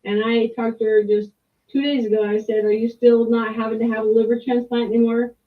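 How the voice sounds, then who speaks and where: A candid middle-aged woman tells her story in a rambling, frank way, dropping the odd swear word. Her voice sits a little high and comes over a tinny, phone-like line from some distance off the mic. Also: flat delivery, brisk. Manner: rambling, candid, with frequent restarts and mild swearing. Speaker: client sharing a testimonial. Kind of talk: casual personal testimony.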